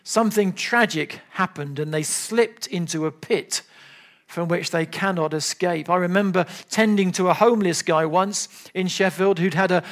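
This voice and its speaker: An older man preaching a sermon, earnest and emphatic, at times dropping to soft, low appeals.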